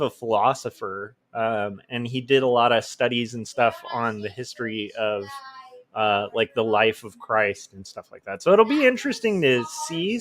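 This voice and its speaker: Forty-something guy rambling on his home stream, lots of ums, laid back, mid-pitched voice. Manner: rambling and self-deprecating, many fillers and restarts. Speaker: illustrator hosting his own livestream. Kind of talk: casual livestream chat.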